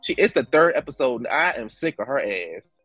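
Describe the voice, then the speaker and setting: Husky-voiced man ranting through a recap. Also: mid-range voice, sing-song, fairly bright tone, dry recording, faint music behind. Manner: blunt, profane, ranting; drawn-out emphatic words. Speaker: TV recap host. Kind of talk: casual reality TV recap commentary.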